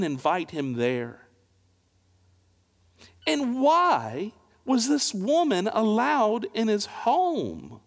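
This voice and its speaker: A man's voice: high voice, wildly swooping pitch, extremely slow. A male pastor delivering a sermon with dramatic swings of emphasis and pointed rhetorical questions. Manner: dramatic, rising and falling preaching with rhetorical questions. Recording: long reverb of a large hall.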